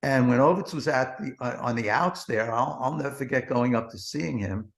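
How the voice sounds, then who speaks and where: A man's voice: mid-range voice, normal speed, gravelly. A man, a former TV producer guesting on a podcast, telling rambling, profane backstage anecdotes full of "he goes" and "blah, blah.". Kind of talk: anecdotal storytelling.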